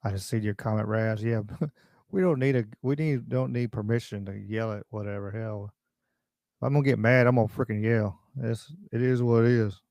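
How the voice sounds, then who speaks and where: A man's voice: lowish voice, fairly even intonation, normal speed, creaky, a little mellow, no echo, clean studio sound. A man hosting a casual livestream talk show, blunt and rambling as he reacts to viewer comments. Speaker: podcast host.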